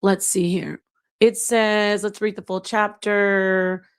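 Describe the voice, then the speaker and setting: Middle-aged woman host, blunt and sassy, reads chat with animated outbursts. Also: mid-range voice, slow, clear, resonant tone. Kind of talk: livestream commentary reading chat.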